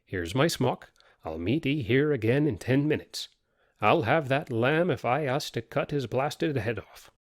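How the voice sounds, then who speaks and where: A man's voice: medium pitch, lively intonation, a little slow, dry recording, studio quality, lightly acted. A man voicing a pushy, scheming countryman with a blunt rustic dialect.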